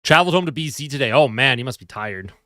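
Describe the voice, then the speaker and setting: A man's voice: mid-range voice, lively intonation, quick pace, a bit bright, no echo, studio quality. A man hosting a casual live fan stream, chatting and answering viewer comments while sleepy and yawning at home. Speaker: livestream host.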